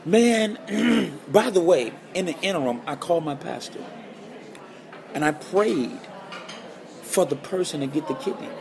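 Animated man telling a personal story. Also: a little high, measured pace, gravelly, crowd noise. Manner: animated, repeats phrases for emphasis. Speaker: guest guitarist.

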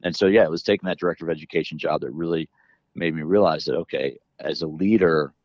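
A man's voice: a bass voice, fast talker, a little mellow, no echo, highs cut off. A middle-aged man talking as an interview guest, rambling with many restarts as he explains his work in fitness education. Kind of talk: casual interview conversation.

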